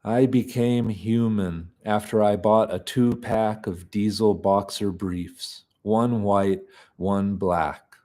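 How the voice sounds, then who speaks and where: A man reading a novel aloud in an unhurried, deadpan way. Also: lowish voice. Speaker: reader of a novel.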